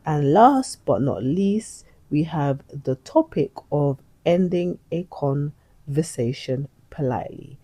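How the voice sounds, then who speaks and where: A woman's voice: low voice, animated, slow, mellow, husky, no room sound. A woman teaching an English lesson for learners, speaking in a patient, instructive way.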